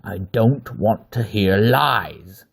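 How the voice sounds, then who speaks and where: A man's voice: fairly low pitch, very animated, unhurried, gravelly, warm tone, slightly rough, no room sound, exaggerated voice. A man reading aloud and voicing a male werewolf killer who talks in a mock-fatherly, toying way, with sudden snarls. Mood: snarling. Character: male werewolf killer, deep smooth voice, fatherly yet cruel.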